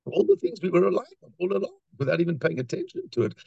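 A man giving a lively Torah talk, telling a story and acting out the voices of its people. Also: sits high, fast, vocal fry, breathy edge, dry recording, highs cut off. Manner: animated storyteller, acts out voices, many restarts. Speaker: rabbi.

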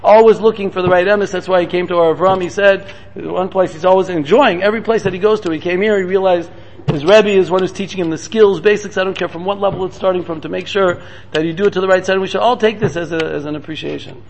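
A guest speaker delivers a storytelling sermon in quick, repetitive runs, mixing in Hebrew terms. His voice is high with a gravelly fry, and faint room noise sits beneath it. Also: steady tone.

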